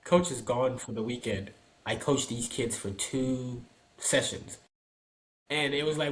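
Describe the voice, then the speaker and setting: A podcast co-host and soccer dad chats casually about youth soccer, telling stories as an animated storyteller who acts out what people said. His voice is mid-range and unhurried.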